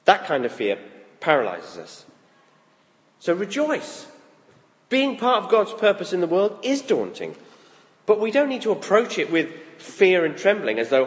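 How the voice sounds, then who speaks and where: A man preaches in a high, very animated voice, swooping up and down as he talks plainly with his congregation. His words ring out with the long reverb of a large church hall. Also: measured pace, long pauses. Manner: lively, conversational, acts out quoted thoughts. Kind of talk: sermon.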